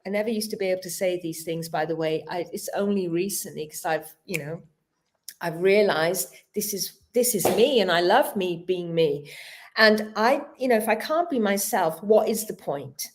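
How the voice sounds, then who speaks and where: A middle-aged British woman, a talk show guest, telling lively stories with frequent laughter. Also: on the low side, moderate pace. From Britain. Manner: expressive storyteller, laughs often. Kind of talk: live-streamed talk show chat.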